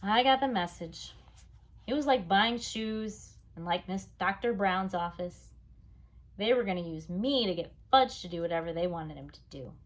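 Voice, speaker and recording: A woman reading a children's chapter book aloud, expressive and engaged. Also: medium pitch, moderate pace. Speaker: reader. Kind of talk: storybook read-aloud.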